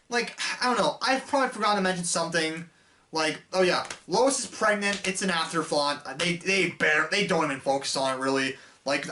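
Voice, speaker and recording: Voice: mid-range voice, pushed and bright. A film reviewer talking casually in an unscripted rant, rambling and exasperated, with lots of fillers and restarts.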